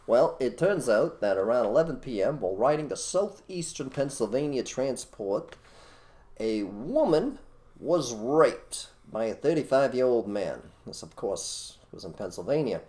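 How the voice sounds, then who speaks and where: Blunt, animated man ranting. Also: mid-range voice, unhurried. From United States. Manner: blunt, animated, repeats phrases. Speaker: co-host. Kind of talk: opinionated casual chat.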